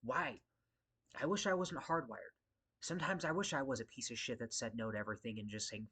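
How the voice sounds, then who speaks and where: A man's voice: mid-range voice, fairly quick, pushed and bright, slightly rough. A man who works as a security guard, venting in a casual vlog, frustrated and profane, rambling and circling back to his points. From Las Vegas area.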